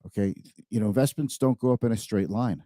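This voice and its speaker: A man's voice: lowish voice, quick pace, dark tone, no echo, clean studio sound. A man hosting a live-streamed finance talk show, speaking conversationally and emphatically, often repeating words.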